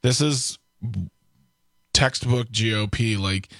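A man on a political talk radio panel, talking in an animated, jokey, mocking way. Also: on the low side, slow pace, no room sound.

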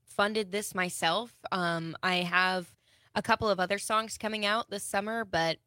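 A woman from Wisconsin, a singer-songwriter, chatting casually as a radio guest, with many ums and pauses. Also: medium pitch, steady tone, pushed and bright, no echo, studio quality. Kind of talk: casual interview chat. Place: radio studio.

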